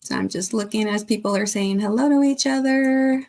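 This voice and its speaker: A woman's voice: fairly high pitch, moderate pace, a little mellow. A woman hosting a casual live stream, chatting and reading viewer comments aloud, laughing often.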